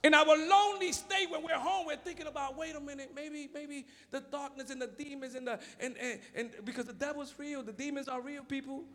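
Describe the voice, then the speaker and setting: A man preaching a sermon as pastor, swinging between fervent shouts and low muttering. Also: fairly even intonation, fairly quick, few pauses, in a large hall. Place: church.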